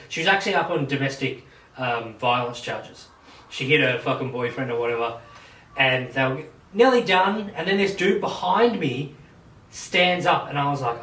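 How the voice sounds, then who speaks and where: A man hosting a podcast, telling a story in a profane, animated way that acts out the quotes, recorded in a home shed. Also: on the high side, normal speed. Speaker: podcast host. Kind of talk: casual storytelling chat. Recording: echoey shed, mic at a distance.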